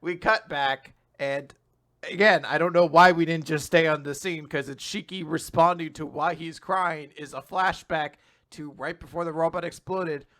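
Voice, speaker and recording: A man talks through comic chapters with a co-host, his voice a touch high and very bright. He laughs often and breaks into mocking quoted lines, dropping casual swears along the way. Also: fairly even intonation, moderate pace. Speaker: podcast co-host. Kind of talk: casual chat.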